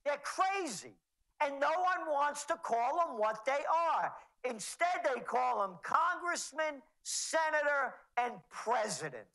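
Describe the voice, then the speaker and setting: A man's voice: very high-pitched, very animated, slow pace, pushed and bright, poor audio. A man speaking as a guest on a talk radio show, sarcastic and indignant, mocking the people he names. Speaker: guest commentator.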